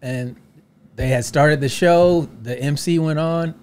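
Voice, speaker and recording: A man, a comedian guest, telling a story in casual chat with profane, animated delivery and acted-out quotes. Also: on the high side, slow, clear, resonant tone.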